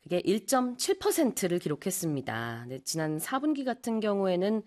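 A woman co-hosting a bilingual news lesson, explaining English terms and switching into Korean to translate. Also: mid-range voice. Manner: brisk, lively, switches into Korean.

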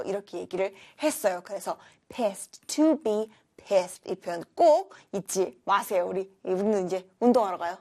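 A Korean native-speaker woman giving a bilingual English lesson and workout instructions, lively and acting out dialogue lines. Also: medium pitch. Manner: lively, switching quickly between explaining and acting out dialogue lines.

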